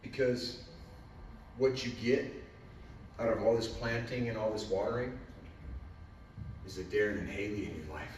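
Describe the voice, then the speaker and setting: A man's voice: on the low side, normal speed, pauses often, slight background noise. Man, guest preacher, fervent sermon, heavy room echo, distant mic, faint room ambience. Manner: fervent, rising to loud pleading prayer. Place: church sanctuary. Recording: echoey church hall from far off.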